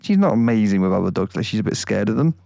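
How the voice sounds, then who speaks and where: A man's voice: fairly low pitch, lively intonation, racing, creaky, warm tone, no echo, studio quality. A young man co-hosting a casual podcast, chatting in a rambling, easygoing way. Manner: chatty, rambling with fillers and laughs. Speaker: podcast co-host. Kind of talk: casual chat.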